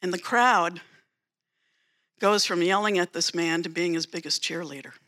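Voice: medium pitch, fairly even intonation, moderate pace, sharp tone. A preacher giving a sermon, retelling a story dramatically with emphatic repetition.

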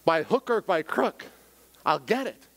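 High-voiced animated preacher man. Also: measured pace, gravelly. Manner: animated, questions the congregation. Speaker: pastor. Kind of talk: sermon.

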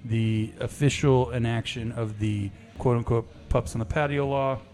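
A man's voice: medium pitch, steady tone, normal speed, darkish tone. A man co-hosting a brewery podcast, chatting casually and running through upcoming events.

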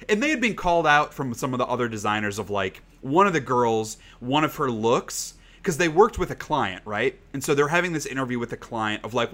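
Fairly quick and very animated, this co-host barely pauses as he chats on a podcast in a medium-pitched, somewhat bright voice. His casual rambling is full of swearing and repeated "like"s.

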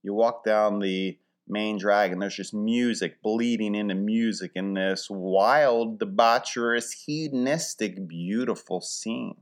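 A man's voice: fairly low pitch, takes it slowly, hardly any pauses. A man from Philadelphia hosting a casual comic monologue, rambling with wry, dry humor and mock-grand wording.

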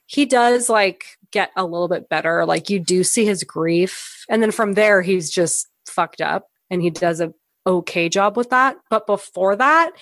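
A young woman co-hosting a movie podcast, blunt and profane, ranting with animated energy. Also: mid-range voice, no room sound. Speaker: podcast co-host. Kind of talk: casual movie review chat.

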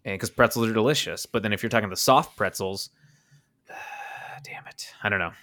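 A man's voice: fairly low pitch, fast talker, pushed and bright. A man co-hosting a podcast, chatting casually and talking himself in circles. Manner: rambling, second-guessing himself. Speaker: podcast co-host. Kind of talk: casual chat.

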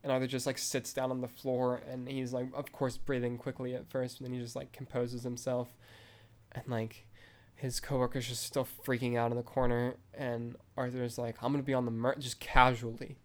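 A man's voice: mid-range voice, monotone, moderate pace. A man hosting a film review podcast, retelling a scene in a casual, rambling way full of fillers.

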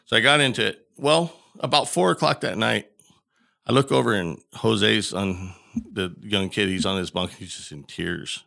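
A man's voice: lowish voice, moderate pace, vocal fry, sharp tone. A man who is a podcast guest, telling a story in a casual way and acting out the dialogue he quotes.

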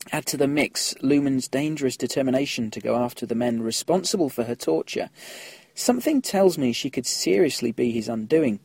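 A man's voice: mid-range voice, darkish tone, slightly rough, dry recording. A man hosting a casual podcast, chatting through listener emails and laughing at his own slips.

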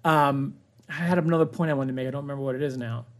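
A young man hosts a casual podcast in a mid-pitched voice. He banters and jokes, teasing his guest in a relaxed way. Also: racing. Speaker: podcast host. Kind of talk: casual chat.

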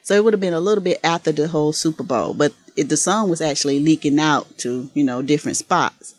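A woman from Mississippi with a Southern accent, co-hosting a casual podcast chat, enthusiastic and quick to laugh. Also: sits low. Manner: animated, laughs often, enthusiastic. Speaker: podcast co-host.

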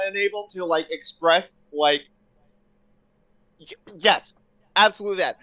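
A man in casual podcast chat, excitable and rambling, swearing often with lots of fillers. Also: a little high, normal speed, long pauses.

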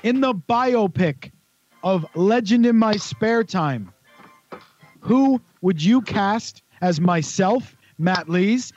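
A Welsh man with a notably high voice hosts a casual quiz game, teasing and winding up his players. The sound is muffled and lo-fi. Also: darkish tone, slight background noise. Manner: teasing, playful. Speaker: quiz host. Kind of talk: casual chat.

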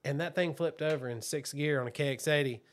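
A man's voice: fairly high pitch, brisk. A man co-hosting a casual motocross chat, telling stories with frequent laughs. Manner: joking storyteller, laughs often. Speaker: podcast co-host.

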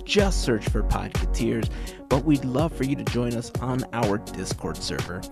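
A man's voice: mid-range voice, unhurried, creaky. Guy hosting a fan podcast, bouncy singsongy reads, music playing under him. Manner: upbeat, animated, sing-song promo reads. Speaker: podcast co-host. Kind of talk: casual podcast chat.

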